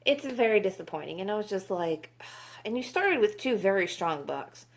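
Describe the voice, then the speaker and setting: A woman's voice: mid-range voice, big pitch swings, moderate pace. A woman reviewing books in a casual vlog, exasperated, sarcastic and swearing freely. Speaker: book reviewer.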